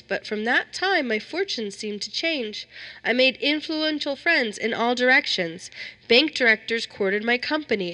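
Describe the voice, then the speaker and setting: A woman reading a dark story aloud in steady, measured narration. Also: fairly high pitch. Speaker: story reader. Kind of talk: scripted narration of a horror story.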